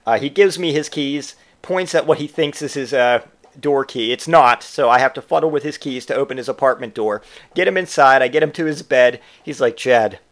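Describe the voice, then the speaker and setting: A man's voice: medium pitch, a little fast. A young man telling a funny personal story in casual storytelling style, acting out his friend's lines. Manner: animated, acts out drunk friend's lines.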